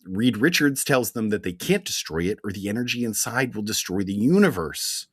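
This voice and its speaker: Husky, wry man recapping comics. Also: fairly low pitch, normal speed, no room sound, clean studio sound. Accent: Philadelphia. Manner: wry, deadpan explaining with sports metaphors. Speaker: podcast co-host recapping comics. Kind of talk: casual chat recap.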